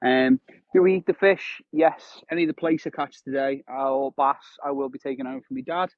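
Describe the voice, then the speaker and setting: A man's voice: mid-range voice, steady tone, normal speed, dry recording. A man, in his thirties, chatting casually to viewers during a live stream while fishing outdoors. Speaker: fishing livestreamer. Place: outdoors on a windy shore. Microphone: phone live stream. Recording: dry tinny phone audio.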